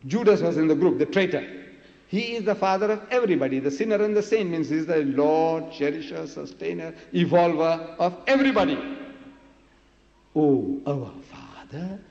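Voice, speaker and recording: A man's voice: on the high side, expressive, a little fast, vocal fry, a little mellow. A man giving a public religious lecture, emphatic and full of rhetorical questions, repeating his key words for effect. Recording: echoey lo-fi hall recording.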